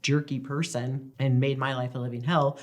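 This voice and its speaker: A woman in her thirties, a guest in a casual interview, telling family stories in a chatty, animated way. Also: rumbling low, moderate pace. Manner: chatty, animated storytelling with acted-out quotes. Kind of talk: casual chat.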